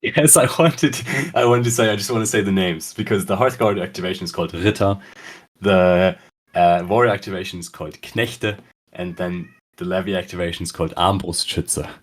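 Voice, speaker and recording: A young man from Germany with a German accent, co-hosting a casual podcast about a tabletop wargame, relaxed and quick to laugh. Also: low-pitched. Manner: relaxed, laughs easily, slips into German words. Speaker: podcast co-host.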